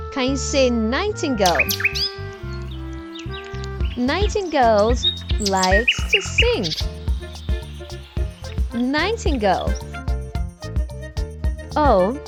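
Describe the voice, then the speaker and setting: Female kids' narrator: very slow pace, sing-song delivery, asks little ones to repeat words over soft music. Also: on the high side. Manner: prompting listeners to repeat words. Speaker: children's alphabet narrator. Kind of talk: slow scripted narration for toddlers.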